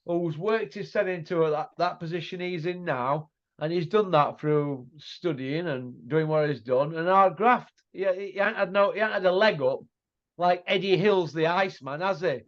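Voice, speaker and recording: A middle-aged man with a high-pitched voice talks at a moderate pace while hosting a casual boxing chat. The muffled lo-fi audio carries his blunt, mocking tone and constant rhetorical tag questions.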